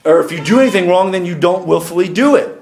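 Middle-aged preacher guy, high voice, fired up sermon, lots of echo. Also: animated, fast talker. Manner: reads scripture aloud and comments, rising to fervent shouts.

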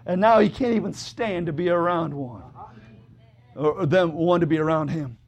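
Fervent man in the pulpit, rasping high-pitched delivery, shouts and hallelujahs. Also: moderate pace. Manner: fervent, calls out brother, sister, shouts hallelujah. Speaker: preacher. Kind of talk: sermon. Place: church service with congregation responding.

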